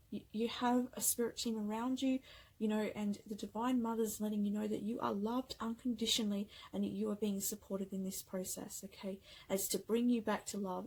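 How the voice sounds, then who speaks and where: A woman giving a pick-a-card tarot reading, speaking gently and affectionately, getting emotional and often checking in with "okay?". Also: medium pitch, poor audio.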